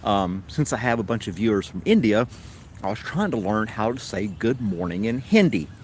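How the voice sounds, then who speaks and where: A man's voice: on the low side, very animated, normal speed, darkish tone, a little hiss or hum. A man with a Tennessee accent hosting a casual livestream chat, rambling along in an easygoing way. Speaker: host.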